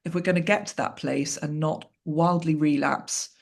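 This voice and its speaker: A woman's voice: low voice, fairly even intonation, moderate pace, gravelly. A woman author speaking as a guest in an interview, talking candidly and reflectively with wry asides over a video call.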